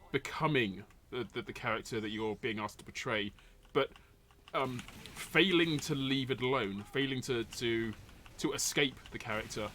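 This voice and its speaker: A man hosts a casual chat, stumbling through long questions with plenty of ums and restarts. His voice is bright and forward. Faint noise and keyboard typing sit in the background. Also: medium pitch. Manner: hesitant, many fillers and repeated words. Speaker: podcast host. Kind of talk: casual interview chat while gaming.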